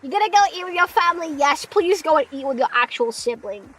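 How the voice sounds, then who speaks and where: Playful young woman streamer, high bright voice, giggly banter. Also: lively intonation, poor audio. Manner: playful, giggly, quick self-deprecating banter. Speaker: streamer, part-time voice actor. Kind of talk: casual live-stream chat.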